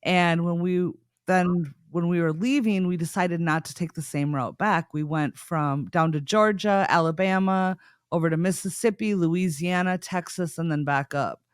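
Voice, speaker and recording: A woman's voice: on the low side, moderate pace, clean tone, dry recording, clean studio sound. A woman from Minnesota with a Minnesota accent, co-hosting a podcast in casual, rambling chat. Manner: rambling, self-interrupting storytelling with frequent laughs. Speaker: podcast co-host.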